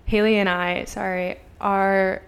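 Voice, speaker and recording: With a mid-range voice, a level, clean tone, and a slow pace, this podcast co-host tells a story in casual chat. She's in her twenties, uses plenty of fillers, and acts out bits of dialogue, swearing along the way.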